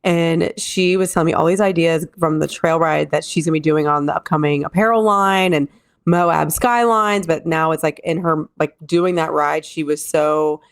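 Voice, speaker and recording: A podcast co-host chatting excitedly, laughing often, her voice cracking at times. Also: low voice, moderate pace, smooth, dry recording, studio quality. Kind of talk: casual chat.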